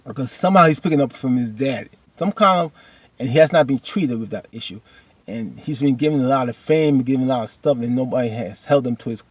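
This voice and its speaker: A man's voice: mid-range voice, a little fast, no echo. A man casually recapping a TV episode, chatty and slangy, rambling with restarts.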